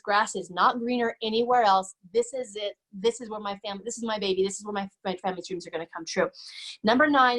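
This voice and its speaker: A middle-aged woman giving an energetic, emphatic motivational business talk on a webinar, repeating her key points. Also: mid-range voice. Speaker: guest speaker. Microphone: webinar microphone.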